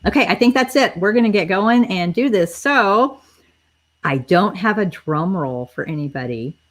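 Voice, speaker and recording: A woman's voice: medium pitch, lively intonation, moderate pace. Chatty woman hosting a live giveaway. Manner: chatty, addresses viewers directly, spells things out. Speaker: livestream host running a giveaway. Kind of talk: casual live-stream chat.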